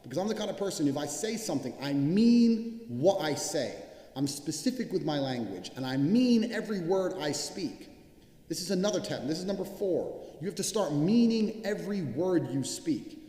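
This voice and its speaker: A man's voice: on the high side, warm tone. A man giving a blunt, profane motivational speech, hammering his points home with repetition. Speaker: speaker giving a motivational talk. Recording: echoey hall with long reverb.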